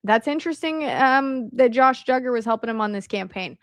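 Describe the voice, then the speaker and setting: A woman's voice: a little high, a little fast, dry recording, clean studio sound. A woman giving casual, sarcastic commentary as she reads from old websites, breaking into laughter and asides. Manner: sarcastic asides, laughs while reading aloud. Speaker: political commentary podcaster.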